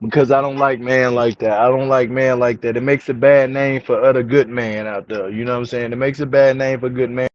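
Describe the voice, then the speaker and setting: A man's voice: mid-range voice, fairly even intonation, fairly quick, hardly any pauses, darkish tone, no room sound. A young man recording a casual commentary vlog, talking to his viewers in slang. He repeats himself for emphasis and is getting angry. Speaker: reality TV commentary vlogger. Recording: dull, dry, lo-fi home recording.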